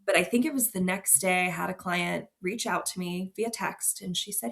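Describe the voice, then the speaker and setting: Open, slightly gravelly woman telling her story. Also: on the low side, moderate pace, hardly any pauses, a bit bright. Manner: open, emotional storytelling with laughs. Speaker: fertility nurse guest. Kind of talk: candid podcast interview.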